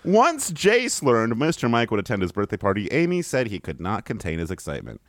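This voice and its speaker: A man's voice: lowish voice, wildly swooping pitch, brisk, slight background noise. A man co-hosting a comedy podcast, reading a news story aloud with wry, mock-serious asides. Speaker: podcast co-host.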